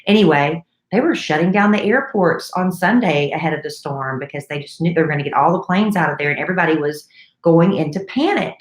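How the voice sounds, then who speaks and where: A middle-aged woman and radio co-host, telling a story in a chatty, animated way in casual talk. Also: deep voice, fast. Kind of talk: casual chat. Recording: echoey room.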